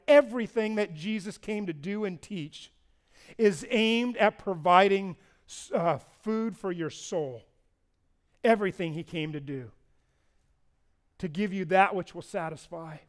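A pastor delivers a sermon in a strikingly high, smooth, resonant voice. He swings from booming proclamations down to hushed asides and puts questions to his congregation. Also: moderate pace. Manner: preaching, swings between loud proclamations and quiet asides.

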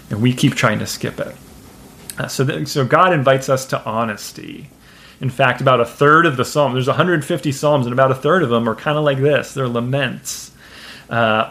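A pastor delivers a casual, conversational sermon in a mid-pitched man's voice with a gravelly edge. He fills his talk with "you know" and "uh," and his pace speeds up and slows down as he goes. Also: fairly bright tone. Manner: conversational, many fillers, shifting pace.

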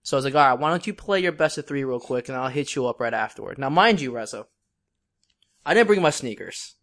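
A man's voice: mid-range voice, lively intonation, fast talker, a bit bright. A young man co-hosting a podcast, telling a long story in a casual, rambling way with many fillers and restarts. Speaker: podcast co-host.

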